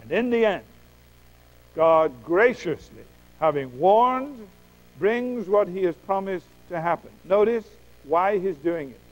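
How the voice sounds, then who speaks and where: Male preacher, sermon delivery, emphatic and dramatic, pitched high. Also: expressive, rough recording. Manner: emphatic, dramatic pauses, quotes God's voice.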